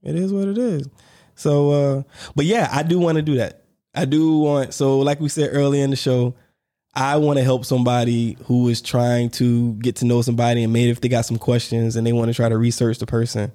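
A man co-hosting a casual podcast, telling a story with lively pitch swings and acted-out quotes. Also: fairly quick. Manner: animated storyteller, acts out quoted voices, laughs between lines. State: on crutches. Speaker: podcast co-host.

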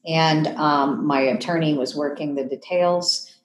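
A woman in her fifties, a television personality telling an emotional story in a podcast interview, animated and acting out the voices she quotes. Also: sits low, measured pace, reverberant, low-quality recording. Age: 50s.

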